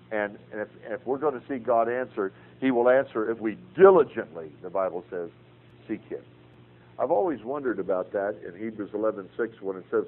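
An older man with a fairly low voice teaches a Bible class in an earnest, folksy way, weaving stories in among scripture quotes. The sound comes through a thin, phone-like radio broadcast. A faint hum runs beneath it.

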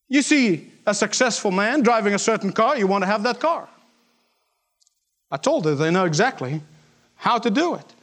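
A man preaching a sermon, emphatic, repeating key lines and acting out the voices in his stories. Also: sits high. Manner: emphatic, repeats lines for effect, acts out quotes.

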